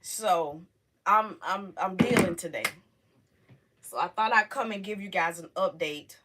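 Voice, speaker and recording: A middle-aged woman hosting a casual livestream, talking emotionally and haltingly to her viewers, close to tears. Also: mid-range voice, animated, a bit bright, slight background noise. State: on the verge of tears. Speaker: livestream host.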